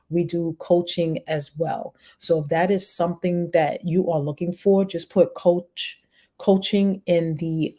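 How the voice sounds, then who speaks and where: A woman with a New York accent talks fast and chats casually, encouraging her viewers like an online business coach. Her voice sits a little low and sounds mellow and relaxed. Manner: fast-talking, encouraging, chatty. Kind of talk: casual live-stream talk to viewers.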